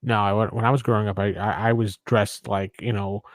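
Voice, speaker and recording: A man with a faint New York accent, a guest game designer, telling animated stories in casual chat with stammered restarts. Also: on the low side, brisk, dry recording, studio quality.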